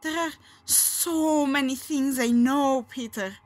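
A woman voicing a wounded male demon who begs desperately for his life in a high, loud voice. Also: slow, faint music behind. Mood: weak coaxing. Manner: high, loud, frantic begging.

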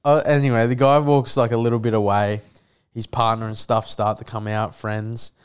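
A man's voice: fairly low pitch, little pitch movement, moderate pace, clean tone. A man with an Australian accent, a podcast host telling a crude, profane story in casual chat and acting out the quotes.

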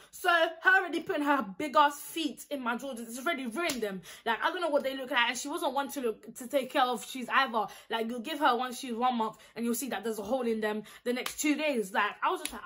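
A young woman with a London accent, telling a storytime vlog in an animated, indignant, slang-heavy way. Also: a little high, slightly rough. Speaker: vlogger.

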